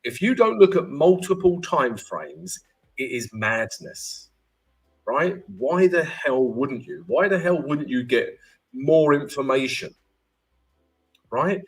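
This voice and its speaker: A man's voice: mid-range voice, animated, slow pace, slightly rough. A man hosting a live trading stream, teaching in a chatty way, keeps checking in with "right?" and greeting viewers by name.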